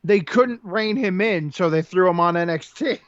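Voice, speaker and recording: A high-voiced man chats about wrestling on a live stream, excitable and loose-tongued, with casual swearing. His voice sounds dull and dry, picked up close on a basic home microphone. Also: moderate pace, dry recording. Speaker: podcast co-host.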